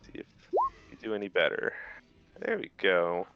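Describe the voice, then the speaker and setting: A man's voice: sits low, big pitch swings, normal speed, clear, resonant tone, lo-fi sound. A man playing a tabletop game, matter-of-factly narrating his own moves. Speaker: player. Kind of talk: casual tabletop game chat.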